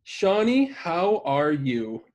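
A man's voice: fairly high pitch, big pitch swings, extremely slow, a little mellow, faint music behind. Profane, rambling podcast co-host man. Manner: profane, rambling, self-deprecating. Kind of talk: casual chat.

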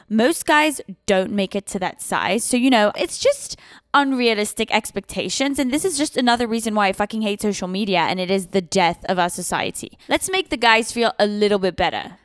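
A young woman hosting a podcast, blunt and sassy, swearing freely as she gives her opinions. Her voice is smooth and crisp, and the close mic leaves it dry with no room sound. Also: mid-range voice, no room sound. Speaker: podcast host. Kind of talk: casual opinionated recap.

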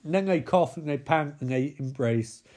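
A man's voice: a little high, normal speed, a little mellow. A young man recapping a film with sarcastic, rambling, sweary commentary. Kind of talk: comedic movie recap.

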